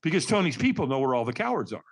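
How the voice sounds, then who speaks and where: Speaking rapid-fire with a sing-song lilt and medium pitch, this man is a podcast guest who teaches firewalking. He calls the host Doc while telling a lively story, voicing the quoted lines in different characters.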